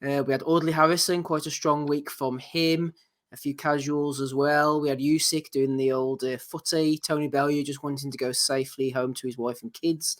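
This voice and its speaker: A man hosting a podcast segment briskly, running through a list between jokes. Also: a little high, little pitch movement. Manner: brisk, runs the segment, lists items. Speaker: podcast host. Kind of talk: casual banter.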